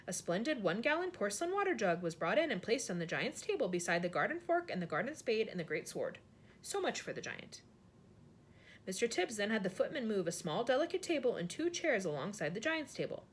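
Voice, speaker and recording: A woman reading a children's book aloud in an expressive, animated way. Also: on the high side, a little hiss or hum. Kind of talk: storybook read-aloud.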